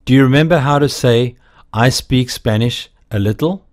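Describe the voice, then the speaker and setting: A man giving slow, deliberate, scripted narration as the narrator of a language course. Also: medium pitch.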